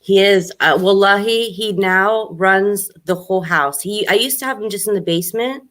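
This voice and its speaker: A woman's voice: mid-range voice, normal speed, a bit bright. A woman co-hosting a casual talk show, explaining her points in an earnest way. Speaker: podcast co-host. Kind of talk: casual chat.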